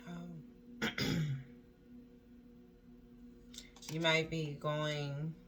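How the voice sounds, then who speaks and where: A woman's voice: low-pitched, level tone, extremely slow, a bit bright, slight background noise. A woman giving a casual spoken tarot reading, reading card text aloud and then riffing on it in a chatty way with lots of "like" and "um". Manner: chatty, loose, full of "like" and "um" asides. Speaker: tarot reader.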